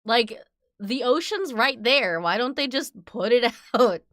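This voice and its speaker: Young jersey woman streaming a game, slow jokey chatter, kinda high voice. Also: animated, a bit bright, no echo, studio quality. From New Jersey. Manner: joking, irreverent, swears. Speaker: vtuber streamer. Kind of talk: casual game commentary.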